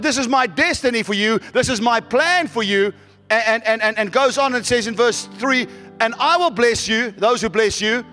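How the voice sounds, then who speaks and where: A man's voice: extremely high pitch, pushed and bright, in a large hall. A man preaching a sermon as pastor, building to fervent callouts to the congregation.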